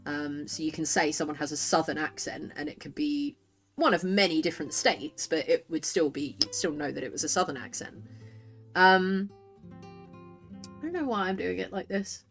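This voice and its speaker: British woman streamer, chatty and giggly, mid-pitched, soft music behind. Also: moderate pace. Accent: British English. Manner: chatty, laughs often, tries out accents playfully. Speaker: livestreamer reading chat. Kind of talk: casual chat.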